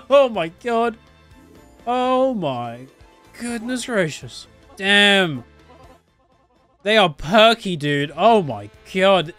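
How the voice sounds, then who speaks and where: A young man streaming a game live, excitable and foul-mouthed, reacting loudly and laughing often. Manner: excitable, swearing, laughing often, jumps up and down in pitch.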